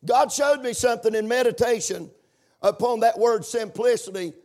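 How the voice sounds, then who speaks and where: A man's voice: very high voice, normal speed, a little mellow. A man preaching a sermon in a chanting, sing-song cadence, breaking in with amens.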